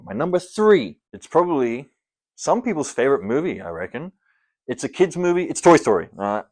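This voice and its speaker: A young man from Scotland, talking casually and rambling through his movie rankings in a vlog, with playful theatrical bursts on each countdown number. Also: mid-range voice. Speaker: film reviewer.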